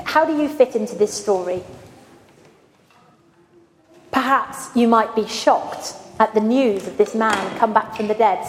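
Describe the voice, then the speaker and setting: Woman preacher, higher voice, chatty sermon, long church reverb. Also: a little mellow, a little hiss or hum. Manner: conversational, asks the congregation questions. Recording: echoey church hall with faint ambience.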